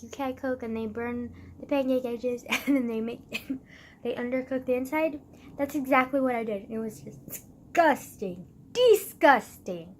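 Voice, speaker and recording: A woman's voice: high voice, a little hiss or hum. A teenage girl telling a story to the camera as a casual rant, with lots of fillers and swearing. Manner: swears a lot, many fillers, venting. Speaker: vlogger.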